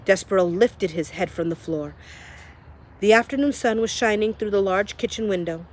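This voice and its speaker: A woman reading a children's novel aloud in a lively storytelling manner, speaking to the listener. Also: mid-range voice, moderate pace. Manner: lively storytelling, addresses the reader. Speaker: reader.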